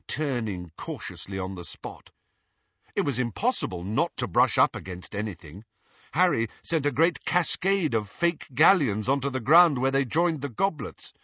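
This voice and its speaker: Expressive male storyteller, bright and husky, very animated delivery. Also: medium pitch, no echo, dull audio. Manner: expressive, voices each character. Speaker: audiobook narrator. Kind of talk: scripted narration.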